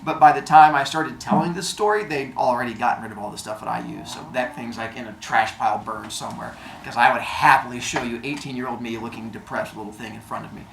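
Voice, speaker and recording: A man telling a personal story in a casual way, acting out the other people's lines in an animated manner. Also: medium pitch, fast talker, vocal fry, few pauses. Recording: roomy echo, faint noise.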